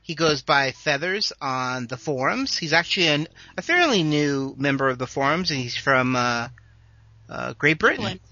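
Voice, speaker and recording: Easygoing podcast host guy, bright voice, laughs a lot, kinda dull dry sound. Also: on the high side, expressive, moderate pace, no room sound. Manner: easygoing, laughs often, light hesitations. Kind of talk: casual podcast chat. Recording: slightly dull, dry sound, faint music.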